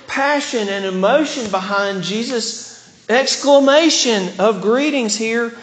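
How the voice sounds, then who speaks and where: A man's voice: very high voice, slow pace, a bit bright, big-room sound. A man preaching a sermon as pastor in a church, earnest and often restarting his words. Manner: earnest, with frequent word restarts.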